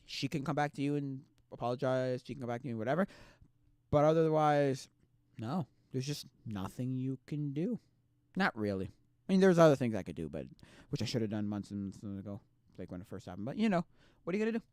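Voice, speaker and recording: A young man streaming casual chat, rambling and restarting, swinging between loud outbursts and quiet mumbles. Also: mid-range voice, big pitch swings, fairly quick, clean tone, no echo, studio quality.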